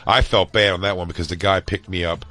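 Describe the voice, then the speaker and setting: A man's voice: low voice, steady tone, pushed and bright. A man telling a story in a casual, profane podcast chat and acting out the people in it. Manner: fast-talking, profane storyteller acting out others. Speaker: podcast co-host.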